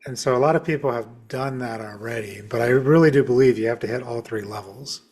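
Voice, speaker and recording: A man hosts a podcast conversation and sets out his views calmly and step by step. He speaks at a middle pitch and affirms his guest's points. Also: brisk. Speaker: podcast host and shamanic practitioner.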